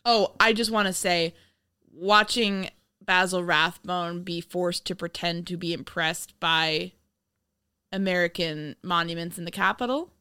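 A woman's voice: on the low side, fairly even intonation, unhurried, sharp tone, clear, resonant tone, dry recording, studio quality. A young woman co-hosting a podcast in casual chat, joking and sarcastic, often laughing. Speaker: podcast co-host.

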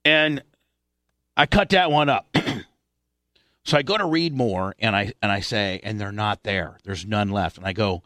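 A man's voice: on the low side, unhurried, bright, forceful tone, no echo, studio quality. A man hosting a talk show, telling a rambling, profane childhood story full of restarts. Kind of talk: casual storytelling.

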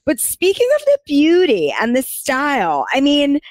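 A woman co-hosts a casual podcast chat, gossipy and animated. Her pitch swoops widely as she talks, and the sound is dry and close. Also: measured pace, no echo. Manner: animated, gossipy, laughs often. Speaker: podcast co-host.

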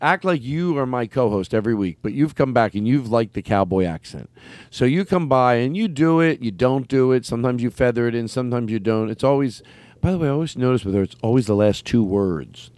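A man hosting a casual chat, rambling and animated, with many restarts. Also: medium pitch, brisk, dry recording.

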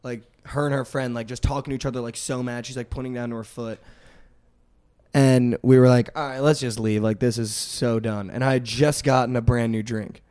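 A young man co-hosting a podcast, telling a story in casual chat, animated and full of "like" and "dude". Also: medium pitch, fairly quick, smooth. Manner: animated, heavy use of "like" and "dude", acts out quotes. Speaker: podcast co-host.

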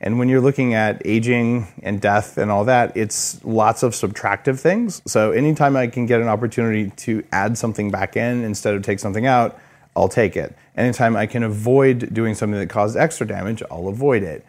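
A man's voice: lowish voice, fairly quick. A man hosting a podcast, talking casually with lots of "like" and "uh," keen on health gadgets. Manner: relaxed, filler-heavy, enthusiastic about gadgets. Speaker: podcast host. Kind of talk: casual interview and studio walkthrough.

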